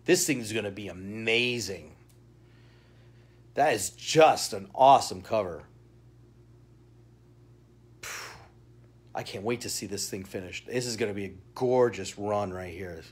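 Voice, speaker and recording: A man's voice: fairly low pitch, measured pace, long pauses, breathy edge. Chatty upbeat man hosting a live sales stream. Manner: chatty, upbeat, laughs often, reads viewer chat aloud. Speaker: shopping show host. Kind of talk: live-stream product showcase.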